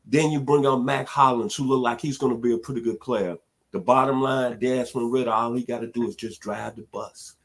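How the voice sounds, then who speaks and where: A male sports radio host breaks down the game in clipped, emphatic declaratives. His voice sits at an ordinary middle pitch, and he leans on repeated catchphrases to drive his points home. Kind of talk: sports talk radio analysis.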